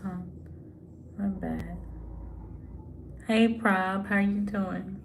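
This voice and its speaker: A woman talks in a slow, unhurried way. She greets viewers by name and answers them with sympathy, as if chatting on a live stream. A faint background hiss sits under her voice, recorded on her phone at home. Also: mid-range voice, fairly even intonation, creaky. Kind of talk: casual live-stream chat reading comments.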